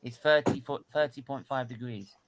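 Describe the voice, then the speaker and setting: A man's voice: medium pitch, normal speed, crowd noise. A man hosting a football watchalong stream, blunt, swearing and laughing a lot. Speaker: stream host. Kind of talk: casual live watchalong banter.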